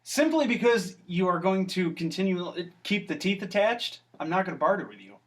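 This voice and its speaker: A man's voice: high-pitched, big pitch swings, moderate pace. A man playing a tabletop game, blunt and playful. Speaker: player.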